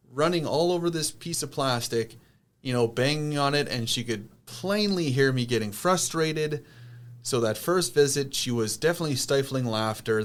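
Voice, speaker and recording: Man telling a personal story. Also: medium pitch. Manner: animated, acts out quoted people. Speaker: podcast host.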